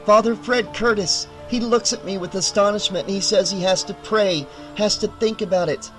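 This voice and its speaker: Man, audiobook narrator, high voice, dramatic and emphatic reading, soft music underneath. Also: moderate pace, poor audio. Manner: expressive, emphatic, swings into loud cries.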